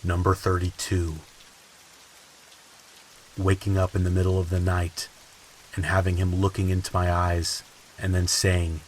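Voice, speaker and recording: A man reading creepy stories in a slow, ominous scripted narration. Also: low-pitched, monotone, rough recording. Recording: faint hiss and rain sounds behind. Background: rain ambience.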